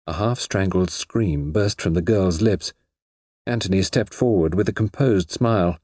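A man reading a story aloud as narrator, in a husky voice with measured, expressive storytelling. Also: low-pitched, dry recording, studio quality.

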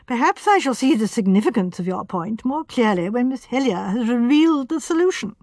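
A woman playing a dry, formal older gentleman. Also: on the high side, animated, a little fast, no echo. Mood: wry.

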